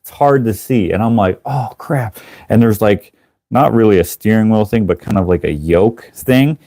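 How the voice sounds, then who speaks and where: A man hosting a live stream, telling a rambling, animated story with casual swearing and laughter, jumping into high voices to act out other people. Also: normal speed, dry recording, clean studio sound. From Canada. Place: indoors, working on a craft while streaming.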